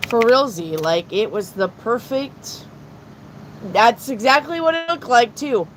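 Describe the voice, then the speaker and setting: A middle-aged woman reading tarot on a live stream, blunt and excitable, swearing freely as she talks to her chat. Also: a little high, measured pace, noisy background. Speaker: tarot reader.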